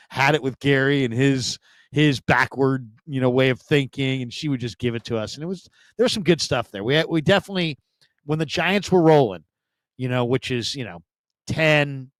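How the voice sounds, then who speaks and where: A man, a sports radio host, telling stories in a casual, animated way and mimicking other people's voices. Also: smooth, no echo. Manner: animated, mimics voices with big pitch jumps. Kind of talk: casual storytelling chat.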